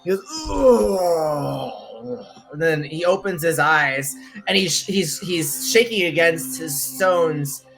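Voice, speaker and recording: A man's voice: fairly high pitch, a little slow, music in the background. A man running a tabletop game, narrating casually with lots of ums. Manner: casual, filler-heavy narration. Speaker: game master.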